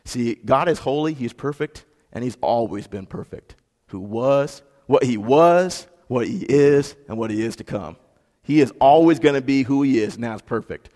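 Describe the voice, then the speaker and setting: A man preaching a sermon in a relaxed, conversational way, with fillers and emphatic repetition. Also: mid-range voice, moderate pace. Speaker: pastor. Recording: long hall reverb.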